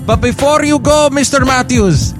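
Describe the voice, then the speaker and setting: A man impersonating an insistent phone sales rep with a thick, hard-to-place accent and halting patter. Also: very high voice, music in the background, pitched above the performer's own voice. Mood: pushy.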